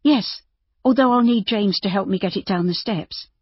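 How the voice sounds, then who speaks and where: A woman narrator voicing Judy, an anxious, caring young woman who coaxes and pleads gently. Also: medium pitch, normal speed, slightly rough, dry recording, muffled recording, pitched above the performer's own voice, lightly acted. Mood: coaxing.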